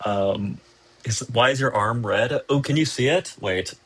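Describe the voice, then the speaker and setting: A young man with a slightly husky voice at a middle pitch, talking loosely on a livestream from a hotel room. He rambles and cracks self-deprecating, sarcastic jokes, swears freely and answers chat as he goes. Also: a little slow, fairly bright tone. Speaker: streamer. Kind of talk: casual livestream chat reading viewer messages.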